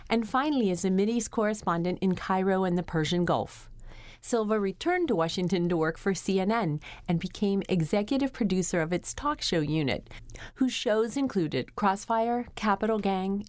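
A woman host reading a scripted introduction of her guest in a clear, scripted delivery. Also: lowish voice, a little mellow, dry recording.

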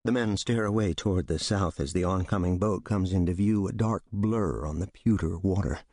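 A man giving scripted literary narration in a measured, steady storytelling delivery. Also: deep voice, no echo, studio quality. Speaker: audiobook reader.

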